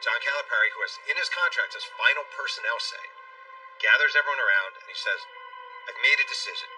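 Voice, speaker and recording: A man, an author guest on a talk show, telling a story at a brisk pace and acting out what people said. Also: mid-range voice, pushed and bright. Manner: brisk storyteller who acts out quotes. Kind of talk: interview storytelling. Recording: distant mic, faint music behind.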